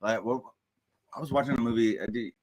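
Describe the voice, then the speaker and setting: A man's voice: mid-range voice, a little fast, poor audio. A man hosting a casual chat, laid-back and agreeable, asking easy questions.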